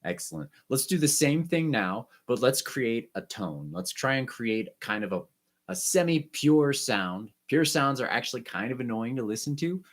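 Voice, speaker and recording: A man teaching an online music lesson, guiding students through breathing and warm-up exercises with short, encouraging instructions. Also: mid-range voice, animated, moderate pace.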